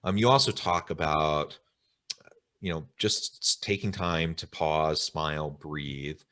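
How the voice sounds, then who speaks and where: Male webinar host, very deep voice, thoughtful and long-winded, on a video call. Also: slow pace, fairly bright tone. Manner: reflective, wordy, with filler ums. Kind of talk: interview chat.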